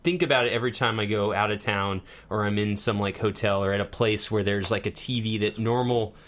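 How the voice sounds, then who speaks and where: A man's voice: lowish voice, fairly even intonation, brisk, fairly bright tone, a little hiss or hum. A young man co-hosting a podcast, chatting in an easygoing way. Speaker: podcast co-host. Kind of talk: casual chat.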